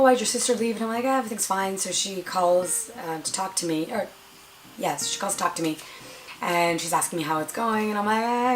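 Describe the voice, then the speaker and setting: A young woman vlogger chatting casually through a storytime, acting out quoted lines in a higher voice and playing up her own drama. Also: slight background noise.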